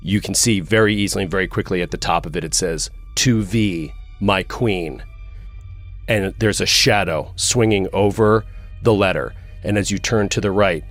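A man narrating a tabletop horror game as game master, describing scenes in the second person. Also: a bit bright. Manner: second-person scene narration, dropping low for grim moments.

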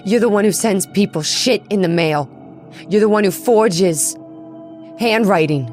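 A woman's voice: medium pitch, measured pace, darkish tone, lightly acted. A woman voicing a distressed female investigator who pleads in a tearful, raised voice, with faint music behind. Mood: accusing.

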